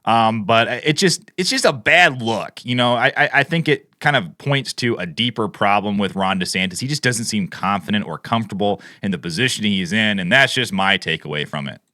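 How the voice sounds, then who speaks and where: A man's voice: on the low side, expressive, moderate pace, few pauses, sharp tone, no room sound, clean studio sound. A man giving casual, opinionated commentary over played video clips. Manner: opinionated, conversational, frequent fillers. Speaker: political commentator.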